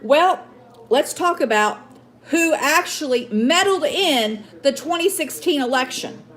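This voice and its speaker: Outraged high-voiced woman ranting. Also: lively intonation, measured pace, a bit bright. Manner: indignant, outraged, addresses viewers as guys; frequent fillers and restarts. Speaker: political commentary host. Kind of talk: opinion rant to viewers.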